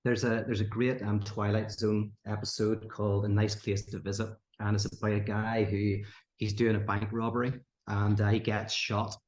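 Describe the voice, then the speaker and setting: A man, a podcast guest telling stories in casual conversation, acting out the people he quotes. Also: moderate pace. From Northern Ireland. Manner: animated, acts out quoted characters with rising pitch. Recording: roomy echo.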